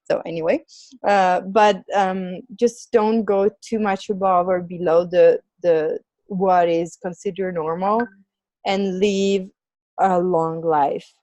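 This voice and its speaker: A woman's voice: on the low side, fairly even intonation, takes it slowly, warm tone, no room sound. A woman talking in a loose, rambling conversational way, full of filler words, as a podcast co-host. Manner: rambling, heavy use of "like" fillers. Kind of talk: casual conversation.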